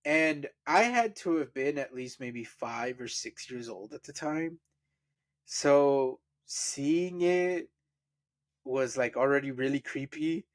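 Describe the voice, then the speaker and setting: A podcast co-host recalling memories in a relaxed, reflective way, with many "like" fillers. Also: male voice, medium pitch. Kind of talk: casual storytelling.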